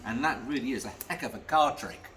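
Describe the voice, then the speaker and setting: Chatty magician telling card stories. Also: male voice, medium pitch, fairly quick, a bit bright, recorded from a distance, slight background noise. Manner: chatty storytelling with dry self-mocking asides. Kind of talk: patter while performing card tricks. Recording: voice from off the mic, music playing behind.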